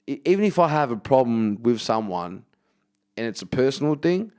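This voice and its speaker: A man's voice: mid-range voice, normal speed, clean tone. A man, a comedian guest, telling a story in casual podcast chat, swearing a lot and acting out what people said. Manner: animated storyteller, heavy swearing, acts out quotes.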